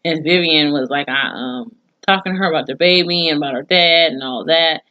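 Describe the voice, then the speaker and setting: Low-voiced woman recapping an episode. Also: fairly quick, sharp tone, highs cut off, slight background noise. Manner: profane, chatty storytelling with asides. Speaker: TV series reviewer.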